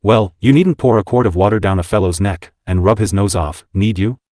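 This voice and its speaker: A man's voice: lowish voice, brisk, darkish tone, no echo, studio quality, natural voice. A man reading the lines of a sleepy, grumbling teenage boy in an audiobook, drowsy and complaining.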